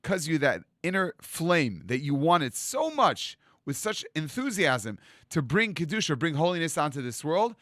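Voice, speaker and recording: A man giving a rabbi's Torah sermon in a lively storytelling manner, acting out the lines he quotes. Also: fairly high pitch, unhurried, no echo, clean studio sound. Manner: animated storytelling, acts out quotes.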